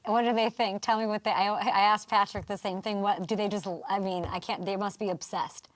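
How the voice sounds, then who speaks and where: A woman's voice: mid-range voice, little pitch movement, a little fast. A woman in her thirties hosting a sports talk show, bubbly and chatty, laughing often as she interviews a guest. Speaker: host.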